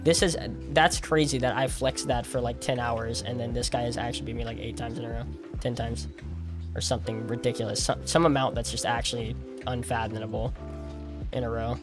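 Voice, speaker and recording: This young game streamer argues casually with his chat, sounding incredulous, repeating himself, and packing his talk with slang and "like." His medium-pitched voice stays level and moves fairly quickly, with music playing behind him.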